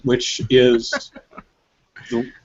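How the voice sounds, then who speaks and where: A man hosting a podcast in casual chat, telling stories in an animated, joking way. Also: medium pitch, drawn-out words, highs cut off, slight background noise. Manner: animated, joking storytelling with frequent laughs. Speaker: podcast host.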